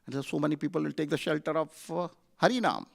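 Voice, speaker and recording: A man's voice: on the high side, quick pace, gravelly. A man telling a sermon story at a temple, in a conversational way full of fillers. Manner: conversational, many fillers, animated retelling. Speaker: temple speaker. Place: temple hall.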